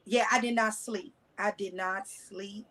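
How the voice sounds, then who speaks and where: A woman's voice: mid-range voice, fairly even intonation, unhurried, a bit bright, low-quality recording. A woman guest telling a personal story in a candid, blunt, colloquial way, with cussing and restarts.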